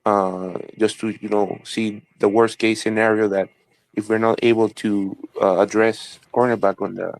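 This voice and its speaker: Halting low-voiced man with dry sound. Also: level tone, no echo, poor audio. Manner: halting, many filler sounds and restarts. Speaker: caller. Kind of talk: casual call-in discussion.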